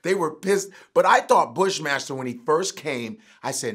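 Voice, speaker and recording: Excitable profane man, bright voice. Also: on the high side, normal speed, husky. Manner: animated, profane, prone to outbursts. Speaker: guest, comedian. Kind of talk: casual interview chat.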